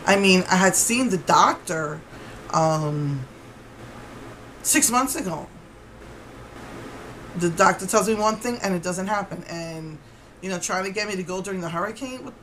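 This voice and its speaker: Indignant low-voiced woman vlogger. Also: measured pace, pauses often, fairly bright tone, slight background noise, poor audio. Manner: indignant, rambling retelling with restarts. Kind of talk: casual storytelling to camera.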